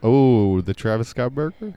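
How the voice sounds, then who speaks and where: A man co-hosting a casual comedy podcast, goofy and lively in his replies. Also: mid-range voice, measured pace, smooth, dry recording, muffled recording, soft background music. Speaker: podcast co-host.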